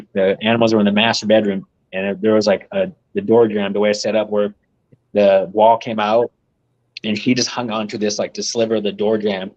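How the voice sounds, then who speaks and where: A man's voice: fairly low pitch, a little mellow, highs cut off. A man, a guest on a live podcast, telling rambling, profane stories and laughing at them. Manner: rambling, swears freely, laughs at his own stories. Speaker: guest, reptile breeder. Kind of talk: casual storytelling on a live podcast.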